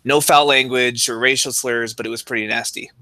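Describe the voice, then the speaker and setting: A man's voice: medium pitch, steady tone, brisk, sharp tone, dry recording. A young man co-hosting a podcast with dry, wry humor, who also reads passages aloud. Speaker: podcast co-host and teacher. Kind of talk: casual chat, reading aloud.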